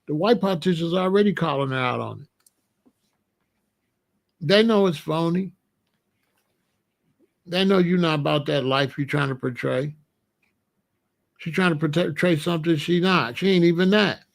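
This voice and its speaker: A man's voice: on the high side, normal speed, creaky, pauses often. Guy ranting bluntly at his viewers, casual commentary. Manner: blunt, emphatic, talks straight to viewers.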